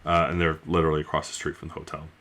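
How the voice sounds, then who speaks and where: A man with a very low, deep voice recaps a book's plot in an easygoing, unscripted review. He rambles, circles back and fills the pauses with plenty of "um" and "like.". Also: flat delivery, a bit bright. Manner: rambling, loose, with frequent fillers. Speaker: book reviewer. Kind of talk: casual spoken book review.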